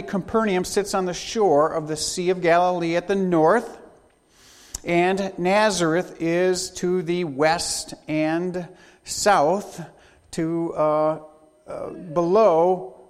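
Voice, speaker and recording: A man preaching a sermon in a church, speaking in an unhurried, emphatic way with long pauses. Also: high voice. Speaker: pastor. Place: church sanctuary. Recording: long hall reverb.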